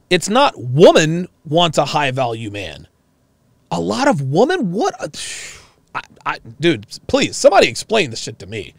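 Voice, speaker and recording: A man streaming live commentary over a clip, animated and incredulous, mocking what he hears and reading chat messages aloud. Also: fairly high pitch, measured pace, gravelly, no echo, studio quality.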